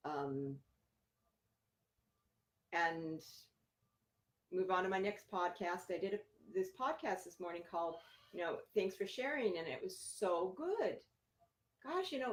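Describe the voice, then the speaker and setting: A woman's voice: fairly low pitch, a little mellow, roomy sound. A middle-aged woman, a therapist, talking casually and candidly to viewers with lots of fillers and encouragement. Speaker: therapist and podcaster. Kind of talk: casual live video talk to viewers.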